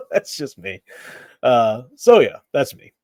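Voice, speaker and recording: A man's voice: mid-range voice, huge pitch swings, takes it slowly, darkish tone, no echo, studio quality. Blunt opinionated middle-aged man. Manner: blunt, opinionated, laughs at his own remarks. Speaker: live stream host. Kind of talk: casual opinionated chat.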